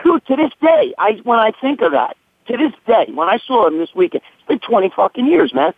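A man's voice: very high-pitched, big pitch swings, a little fast, creaky, breathy edge, dry recording. Profane, rambling man on a phone line. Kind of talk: crude casual storytelling. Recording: tinny phone line, dry.

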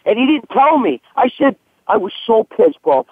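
A man's voice: extremely high pitch, very animated, fairly quick, slightly rough, no room sound. A man telling a crude story in a casual, profane, rambling way. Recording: tinny phone line, dry.

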